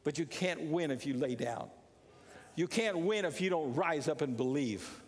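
High-voiced preaching man, echoing hall. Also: animated, normal speed. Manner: impassioned, repetitive exhortation, rising to shouts. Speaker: pastor. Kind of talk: sermon. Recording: long reverb of a large hall.

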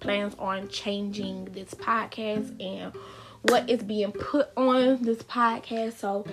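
A young woman hosting her own podcast in a chatty, informal way, talking straight to her listeners. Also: fairly high pitch. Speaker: podcast host. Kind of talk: casual solo podcast chat. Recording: faint music behind voice.

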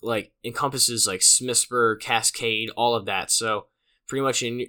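Here a young man in his late teens hosts his own podcast, rambling casually with plenty of fillers and jokes at his own expense. The voice is medium in pitch, sharp in tone, and smooth.

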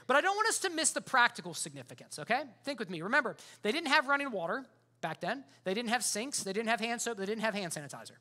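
Fast, bright-voiced casual pastor. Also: male voice, very high-pitched, sing-song. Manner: casual, conversational preaching with frequent fillers. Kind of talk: sermon.

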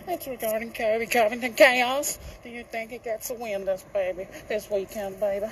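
A man's voice: sits high, fairly even intonation, normal speed, a bit bright, slight background noise, low-quality recording. A man putting on an over-the-top fake American voice in a listener voice message, tagging nearly every phrase with 'baby'. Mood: hyped.

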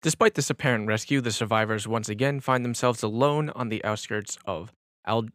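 A man's voice: mid-range voice, fairly quick, a bit bright, dry recording. Dry-voiced young man, sarcastic podcaster. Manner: swearing, sarcastic, reads aloud loosely. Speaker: podcast co-host. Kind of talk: casual podcast chat. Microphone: studio mic.

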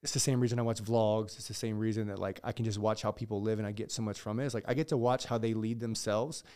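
A man's voice: fairly low pitch, fairly even intonation, fast, darkish tone, clean tone. A man who is a gym owner, speaking as a podcast guest, earnest and reflective in casual chat.

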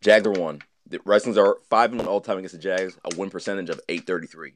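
A man's voice: low-pitched, fast talker, slight background noise. A man hosting a casual sports podcast, quizzing his co-hosts with stats and joking around. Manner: animated, quizzing friends, jokes and impressions. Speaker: podcast host.

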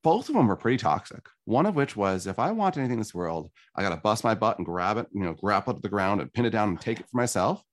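A man's voice: lowish voice, big pitch swings, quick pace, few pauses. A man, a guest, earnestly telling his personal story in a conversation.

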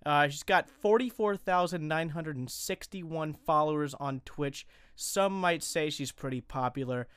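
Smooth-voiced joking young man. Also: on the high side, fairly bright tone, dry recording. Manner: joking, chatty, quick to tease. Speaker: podcast host. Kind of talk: casual podcast chat.

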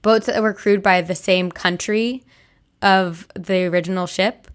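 A young woman co-hosts a podcast, telling a story in casual chat with plenty of likes and restarts. Her voice is medium-pitched and steady, and she keeps a measured pace.

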